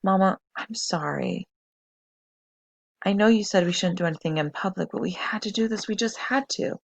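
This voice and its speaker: A storybook reader voicing a determined young girl protester, pitched high and loud when chanting. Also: moderate pace, gravelly. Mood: pleading.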